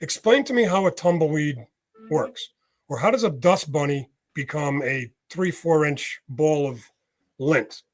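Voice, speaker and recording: A man's voice: on the high side, a little slow. Man explaining with folksy examples. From United States. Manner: explains with homely examples, frequent "right?". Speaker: guest, medium. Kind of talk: casual interview talk.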